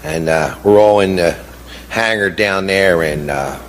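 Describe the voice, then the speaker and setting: This middle-aged bereaved father recounts his experience in an impassioned, indignant tone, often saying "you know," repeating points and asking rhetorical questions. His voice is low-pitched and a little slow, with slight background noise and a long hall reverb.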